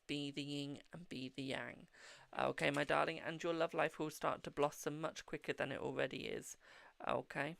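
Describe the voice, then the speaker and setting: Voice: medium pitch, creaky, fairly bright tone, dry recording. A tired, yawning tarot reader with a British accent, hosting a live-stream reading in a blunt but reassuring way, often saying "okay, my darling".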